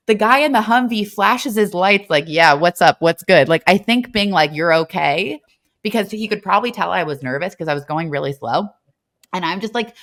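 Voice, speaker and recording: A young woman co-hosting a podcast, telling a story in a chatty, animated way. She keeps the talk casual and leans on fillers as she goes. Her voice sits at an ordinary middle pitch. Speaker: podcast co-host.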